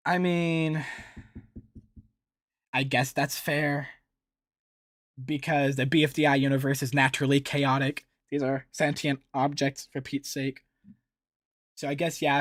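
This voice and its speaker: A man hosting a casual reaction video, chatty and excitable, laughing easily as he comments. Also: mid-range voice, a little slow, long pauses, no echo, studio quality.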